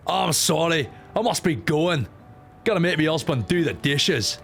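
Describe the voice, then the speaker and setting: A crude, rough Scottish mother, put on by a man in a comic game fan dub. She swears freely in a put-on broad Scottish accent, with a lifted voice that jumps about lively. The delivery is brash and rough. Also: a little high, moderate pace, faint music behind. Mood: gushing. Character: rough foul-mouthed Scottish mother, middle-aged woman.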